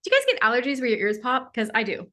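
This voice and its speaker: A woman with a somewhat high voice chats warmly and effusively as she hosts a live stream. She greets viewers one by one with frequent exclamations and sounds a little sniffly from allergies. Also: sing-song, fast. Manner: bubbly, effusive, exclaims often. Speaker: livestream host and spiritual teacher. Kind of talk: casual livestream chat greeting viewers.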